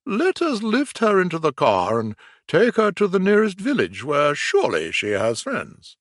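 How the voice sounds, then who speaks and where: A man voicing a kindly, hearty gentleman motorist in a storybook reading. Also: high-pitched, huge pitch swings, moderate pace, no echo, studio quality, voice pushed up.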